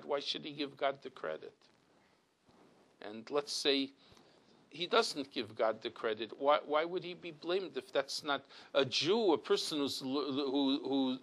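A man's voice: on the high side, bright, forceful tone, low-quality recording. Earnest middle-aged man teaching a religious class. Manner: earnest, emphatic teaching with frequent restarts and repeated words. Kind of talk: weekly religious text class.

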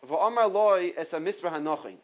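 A man with a high voice teaches an informal halacha class at a brisk pace, reading Hebrew sources and explaining them in English step by step. As a Torah teacher, he repeats key points and blends Hebrew quotes with English, on a rough recording.

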